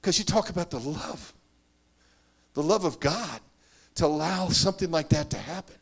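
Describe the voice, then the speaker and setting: A man preaching a sermon, telling his story earnestly, rising to loud emphatic bursts and dropping to hushed asides. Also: on the high side, animated, normal speed, gravelly, husky. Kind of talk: sermon testimony.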